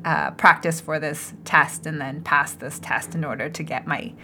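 A woman's voice: sits low, fairly even intonation, moderate pace, pushed and bright, a little hiss or hum. A woman with an American accent co-hosting a podcast in casual chat, mixing Japanese into her English. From United States. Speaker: podcast co-host.

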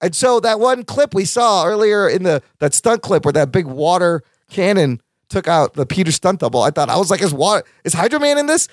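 Animated high-voiced male podcast host. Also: normal speed, few pauses, no room sound, clean studio sound. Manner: animated, excitable, swears freely. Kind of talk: casual chat.

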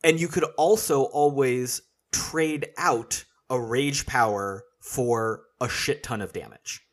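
A man hosts a relaxed podcast chat about tabletop games. His voice sits in the middle of the male range. He explains his points in a steady, analytical manner. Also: mid-range voice, slow pace. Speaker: podcast host. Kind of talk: casual podcast discussion.

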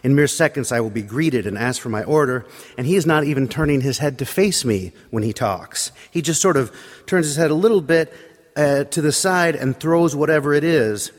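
A man's voice: fairly high pitch, lively intonation, moderate pace. A man preaching in a church, telling a wry, self-deprecating personal story. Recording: long hall reverb.

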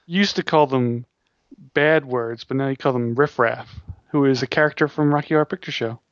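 A man's voice: medium pitch, fairly quick, no room sound. Man with dry remarks on a podcast. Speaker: podcast co-host. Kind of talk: casual late-night chat. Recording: dull lo-fi dry recording.

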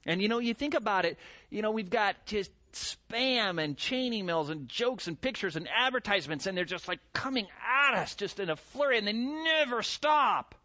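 A middle-aged man preaching a sermon as pastor, animated, with rhetorical questions and mimicked voices. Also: high-pitched, moderate pace.

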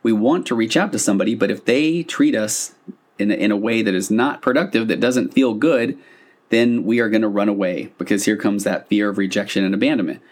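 Male, couples therapist, fairly low voice, conversational, explaining, frequent fillers and restarts. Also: fairly quick. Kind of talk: explaining a therapy concept to listeners.

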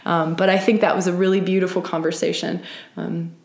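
A woman's voice: fairly low pitch, little pitch movement, a little fast, gravelly, a little mellow, echoey room. A woman leading an online women's circle, talking in an earnest, emphatic way with frequent "right?" asides and restarts. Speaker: circle leader. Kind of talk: live-streamed spiritual talk.

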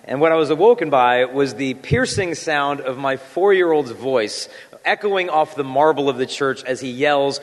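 A man's voice: on the high side, animated, normal speed. Man speaking in a reverberant hall. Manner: conversational and self-deprecating with fillers and restarts. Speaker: Catholic speaker. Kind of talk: prayer then a talk to a church audience.

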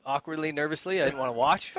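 A man's voice: a little high, very animated, fast, creaky, fairly bright tone. A middle-aged man co-hosting a casual chat show, telling stories and laughing often. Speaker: podcast co-host.

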